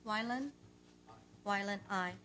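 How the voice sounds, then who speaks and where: A woman clerk calling the roll at a committee hearing, brisk and clipped. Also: mid-range voice, pushed and bright, a little hiss or hum. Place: legislative committee hearing room.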